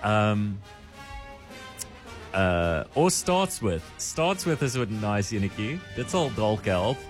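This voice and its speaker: Lively Afrikaans-accented radio co-host. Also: male voice, lowish voice, slow, soft background music. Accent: Afrikaans South African. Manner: playful, thinking aloud, stammering guesses. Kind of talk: casual radio banter, switching into Afrikaans.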